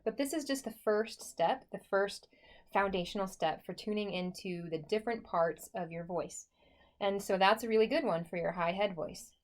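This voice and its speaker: A woman's voice: mid-range voice, normal speed. A woman voice teacher talking through a singing lesson in a chatty, encouraging way, with many likes and okays.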